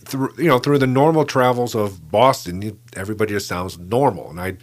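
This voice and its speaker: A male interview host with a somewhat low voice. He asks long, wandering questions and fills them with "you know" as he goes. His delivery is relaxed and conversational. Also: fairly quick.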